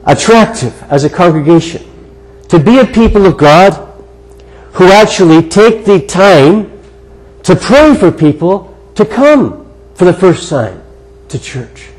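A man preaching a sermon, telling a personal story in an earnest way with emphatic pauses. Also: high voice, big pitch swings, a little mellow, rough recording. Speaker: guest preacher.

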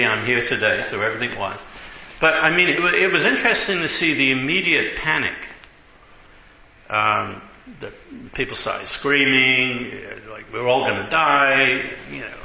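This sermon storyteller has a creaky, medium-pitched voice with a bright, forceful edge. He keeps things loose and conversational, leaning on "you know" and "right" and sometimes laughing while he talks, in a dull, roomy recording with faint noise.

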